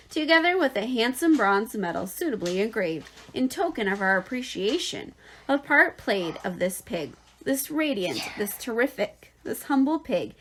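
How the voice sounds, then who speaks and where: A woman reading aloud and voicing a pompous male announcer at a county fair, speaking grandly and formally over a loudspeaker. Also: a little high.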